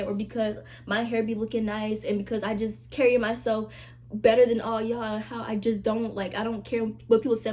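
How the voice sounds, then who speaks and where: A woman's voice: a little high, a little mellow. A young woman vlogger talking casually and emphatically to her camera, with plenty of asides to her viewers. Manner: chatty, emphatic, many "like" and "y'all" asides. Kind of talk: casual confessional chat to camera.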